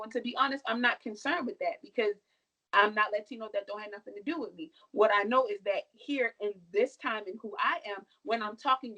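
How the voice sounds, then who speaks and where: A young woman speaking emphatically and forcefully as a podcast guest, building each point with passion and sass. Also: fairly high pitch, poor audio. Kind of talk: impassioned podcast discussion.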